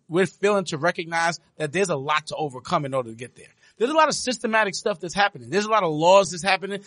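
Male podcast co-host, high bright voice, presses his point. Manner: insistent, keeps pressing his point over interruptions. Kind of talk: casual debate chat.

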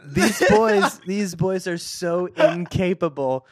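A man co-hosting a casual podcast, reading a book aloud and chatting with lively laughter. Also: high-pitched, takes it slowly, dry recording, studio quality. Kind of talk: casual chat and read-aloud.

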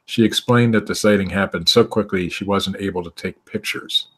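Deep-voiced man reading news stories. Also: fairly bright tone, slightly rough. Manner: reads stories haltingly, laughing through them. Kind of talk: casual chat reading news aloud.

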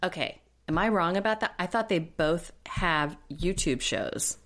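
Low-voiced woman co-host, blunt and lively, casual swearing. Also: a little slow. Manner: animated, blunt, swears freely. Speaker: podcast co-host. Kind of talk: casual recap chat.

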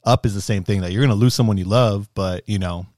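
A man in casual, profane podcast talk, ranting in an animated way and swearing often. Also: fairly low pitch, fast, no room sound, clean studio sound. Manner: animated, swearing, rising to shouts when worked up. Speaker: podcast co-host.

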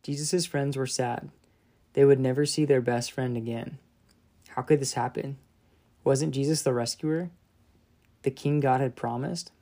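A man narrating a children's Bible story with gentle, dramatic storytelling that softens in solemn moments. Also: medium pitch, fairly even intonation, unhurried, long pauses.

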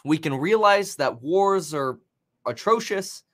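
A finance commentator with a fairly high, fairly bright voice reacts to the news in loose, casual commentary, taking it slowly and speaking expressively. His unscripted, conversational delivery rambles, stumbling through fillers and restarts.

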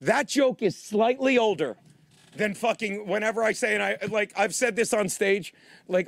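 A man rants heatedly and profanely in a stream clip. His voice sits high for a man, and the sound is dry and close. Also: animated, moderate pace, creaky, no echo. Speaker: commentator in a played clip. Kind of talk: ranting stream commentary.

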